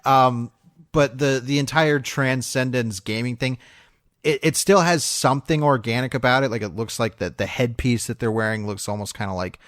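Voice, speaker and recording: A man co-hosts a film podcast in a loose, rambling way, full of fillers and half-finished starts. His voice sits at an ordinary middle pitch. The room is very dry, with no echo at all. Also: fairly even intonation, normal speed, fairly bright tone. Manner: rambling, many fillers and restarts, laughs often. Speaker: podcast co-host. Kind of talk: casual film review chat.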